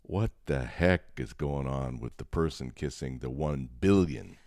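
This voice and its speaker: A man's voice: a bass voice, unhurried, a little mellow, no room sound, studio quality. A man co-hosting a casual podcast, joking and laughing often with his co-host. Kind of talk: casual chat.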